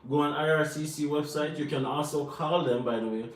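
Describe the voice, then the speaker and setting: A man's voice: fairly high pitch, fairly quick. Earnest Jamaican man in a roomy room. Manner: earnest, advice-giving, repeats himself for emphasis. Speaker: co-host answering viewer questions. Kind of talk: live Q&A chat. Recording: roomy and distant from the mic, faint noise.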